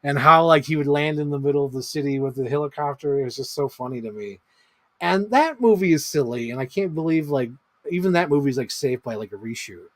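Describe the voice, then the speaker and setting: A man's voice: on the high side, animated, brisk, fairly bright tone, no echo. Guy in his 30s ranking movies on a stream, rambly and sweary, says like a lot, dry close sound. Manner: rambling, swears freely, lots of fillers like "like". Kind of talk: casual livestream commentary.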